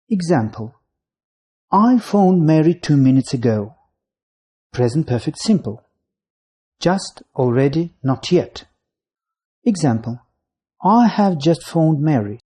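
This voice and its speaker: A voice narrating a scripted English grammar lesson, reading out rules, lists of signal words and example sentences in a measured way. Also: medium pitch, lively intonation, mellow, slightly rough.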